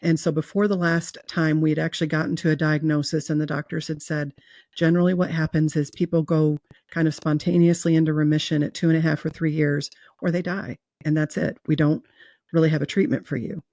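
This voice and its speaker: Woman guest, heartfelt storyteller, gravelly fry in her voice, close and dry. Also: low voice, level tone, a little fast, dark tone, dry recording. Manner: earnest, emotional, with fillers and restarts. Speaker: guest telling her near-death experience. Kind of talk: personal storytelling in an interview.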